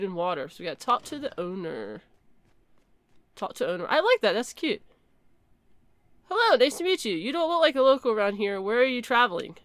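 A woman giving chatty, excitable commentary while playing a horror game and reading its text aloud. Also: on the high side, dry recording. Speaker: gaming video creator.

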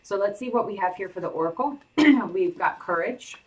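A woman's voice: medium pitch, a little fast, distant mic, poor audio. A woman giving a casual tarot reading to her viewers, chatty and sassy, full of "like" and "you know". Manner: sassy, chatty, heavy on fillers. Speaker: tarot reader.

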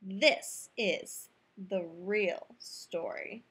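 A woman's voice: medium pitch, very slow, fairly bright tone, breathy edge. A woman playfully reading a picture book aloud, telling the story in first person as the wolf, in a youth room.

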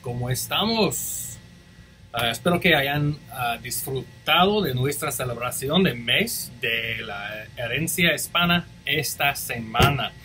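Animated man reading a storybook aloud. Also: mid-range voice, a little slow, soft background music, poor audio. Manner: expressive, animated, switches between English and Spanish. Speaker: school announcer reading a picture book.

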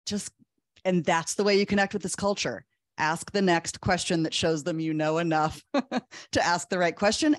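A woman speaking as a panel guest, earnest and animated, telling a story with quick restarts. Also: low voice, no echo, studio quality. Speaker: clinical psychologist speaker. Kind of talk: conversational panel talk.

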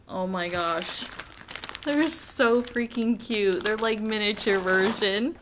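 An American woman vlogging at home, chatting casually while unboxing and taste-testing treats, with gushing, excitable exclamations. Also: fairly high pitch, slight background noise. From United States.

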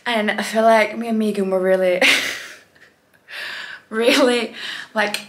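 Her voice mid-range and steady at a normal speed, a woman from England in her thirties chats casually into her handheld phone camera at arm's length for a vlog. She comes across bubbly and chatty, often laughing mid-sentence.

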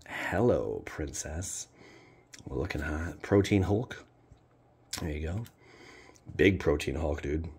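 A man with a low, gravelly voice and a rough, husky edge talks his way through opening card packs. He bursts out loudly one moment and mutters asides under his breath the next, in a loose, casual host's manner. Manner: swings between loud exclamations and low muttering asides. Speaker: card-opening channel host. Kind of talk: casual pack-opening commentary.

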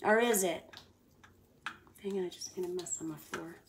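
Woman, cooking livestream host, chatty, home kitchen, clear background noise with clicks. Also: lowish voice, normal speed, distant mic. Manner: chatty, talks straight to viewers. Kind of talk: casual cooking livestream chat. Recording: noisy home recording with clicks.

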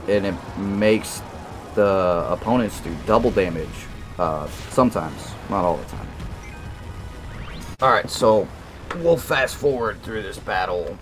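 A man with a fairly low voice chatting his way through a game, unhurried and loose, cursing when things go wrong. Game music plays faintly behind him. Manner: casual, swears when frustrated. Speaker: gaming channel host. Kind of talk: gameplay commentary, reading dialogue aloud.

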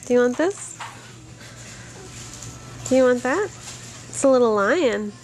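Young mom, higher voice, very lively sing-song baby talk, slow and cooing, recorded on a home camera. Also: female voice. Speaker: mother filming her babies. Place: home living room. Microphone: handheld camera.

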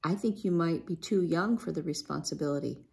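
A woman voicing a kind, worried father on a ranch, speaking slowly in a low hushed voice. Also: vocal fry. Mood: gently worried.

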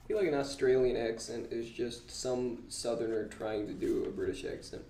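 A man co-hosting a casual comedy podcast, tossing out deadpan asides. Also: mid-range voice, normal speed. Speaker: podcast co-host. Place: public library room. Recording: echoey room, faint noise.

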